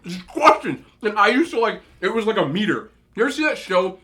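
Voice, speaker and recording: A man's voice: high voice, fairly quick. A man in his thirties chatting casually at home, rambling through stories as he eats. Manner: chatty, rambling, animated when telling stories. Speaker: mukbang host. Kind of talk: casual storytelling while eating. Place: indoors at home.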